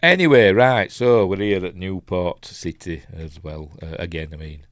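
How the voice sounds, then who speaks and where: The recording is dry and studio quality, carrying a low-pitched man speaking at normal speed. He's a film reviewer with a Yorkshire accent hosting a live watch-along, casually rambling, hesitant with many ums and restarts, chuckling at his own asides.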